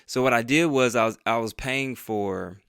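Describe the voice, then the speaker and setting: A man's voice: medium pitch, normal speed, vocal fry, fairly bright tone, smooth, no room sound, clean studio sound. A man telling a personal story in a casual, profane storytime monologue, acting out the dialogue as he goes. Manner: conversational and profane, retelling with quoted dialogue. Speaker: vlogger and podcaster.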